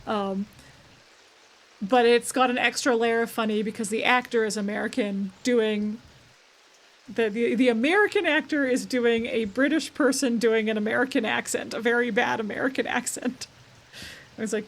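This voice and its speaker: A woman's voice: a little high, moderate pace. A young woman streaming a puzzle game, chatting and thinking aloud, reading game text aloud and correcting herself as she goes. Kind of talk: game let's play commentary. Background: background game music.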